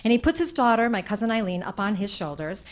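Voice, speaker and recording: A young woman telling a comic personal story on stage, animated and chatty, with many fillers. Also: mid-range voice, fast talker.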